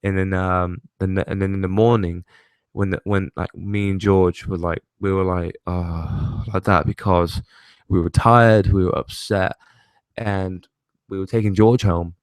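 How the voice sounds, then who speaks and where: A man's voice: deep voice, little pitch movement, a little slow, clear, resonant tone, dry recording. A young man hosting a casual rambling chat, swearing casually and often laughing. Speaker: host.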